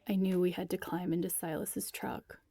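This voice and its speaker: A weary young drummer girl, as a female reader gives her lines in a storybook reading. She speaks quietly and shakily, often close to a whisper, in a gravelly, warm voice that sounds dry and close. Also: on the low side, flat delivery, normal speed, no echo. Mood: subdued. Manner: quiet and shaky.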